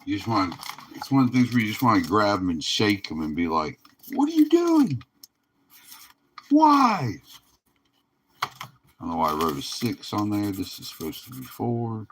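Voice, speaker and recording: A tired, yawning man hosts a live card break stream, offering casual commentary in a laid-back drawl and laughing often. His deep voice is animated, brisk, and a bit bright, with a little hiss or hum in the audio.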